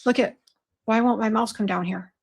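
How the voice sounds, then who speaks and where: A middle-aged woman, a skincare formulator, hosts a casual livestream from her home office, chatting directly to her viewers and getting flustered easily. Her voice is a little high and gravelly, slightly rough, with fairly even intonation at a normal speed.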